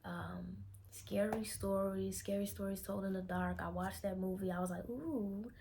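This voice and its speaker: A woman's voice: mid-range voice, flat delivery, moderate pace, gravelly, darkish tone, slight background noise. A young woman from Chicago with a Chicago accent, rambling candidly in an unscripted vlog recorded on her phone. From Chicago, Illinois. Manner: rambling, self-correcting, candid. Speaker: vlogger. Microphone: phone camera.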